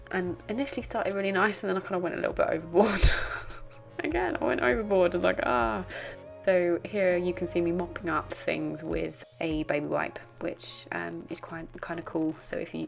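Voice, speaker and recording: Gravelly low-voiced woman. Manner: rambling, self-deprecating, giggly. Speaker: art journaling vlogger. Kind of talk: casual voice-over narration.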